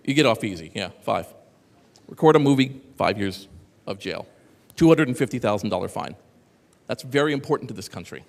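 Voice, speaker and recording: In a large, echoing hall, a man gives a lively conference talk, his pitch bouncing up and down. Sarcastic and animated, he keeps slipping into asides to the audience, speaking briskly with a creaky voice and frequent pauses.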